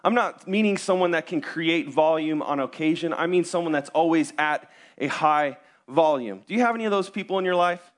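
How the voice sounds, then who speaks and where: A young man with a notably high-pitched voice delivers a sermon as a pastor. He talks in a conversational, self-deprecating way, asking the congregation rhetorical questions between personal stories. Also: fairly quick, hardly any pauses.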